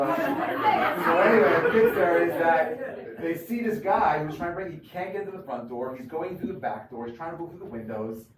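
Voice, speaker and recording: A man speaking as a rabbi at a crowded event, telling anecdotes with many fillers and restarts. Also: medium pitch. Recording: echoey room, far from mic, noisy.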